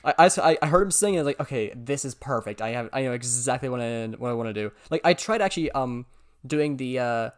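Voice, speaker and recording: Male podcast co-host, average pitch, casual, hesitant with lots of restarts. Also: lively intonation. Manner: halting, full of restarts.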